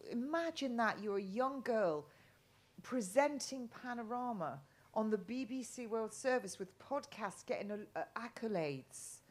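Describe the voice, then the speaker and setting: A middle-aged woman from England talking as a guest in a casual live chat, rambling with many restarts and ums. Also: on the high side.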